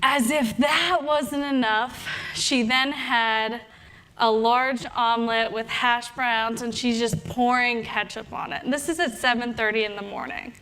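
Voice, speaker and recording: A young adult woman, a health coach, telling a story in a talk and acting out her own inner thoughts with animated delivery. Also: fairly high pitch, unhurried, a little hiss or hum.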